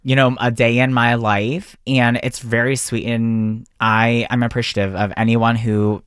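A man's voice: medium pitch, flat delivery, measured pace, fairly bright tone, clear, resonant tone, dry recording, studio quality. A man who runs a small cookie business, chatting in an interview and telling stories with frequent restarts. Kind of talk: casual interview chat.

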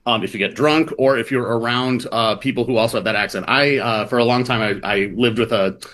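A man's voice: mid-range voice, fairly quick, fairly bright tone. A man from the American Midwest, a reporter interviewed as a guest, talking casually with lots of fillers. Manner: casual, many fillers and hedges like "like" and "um". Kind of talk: conversational interview.

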